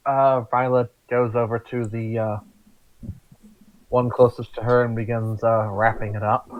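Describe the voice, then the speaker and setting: A man's voice: mid-range voice, level tone, a little slow, no echo. Man, tabletop player, plain delivery, tinny dry line. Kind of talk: casual tabletop game chat. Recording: thin phone-like line, dry.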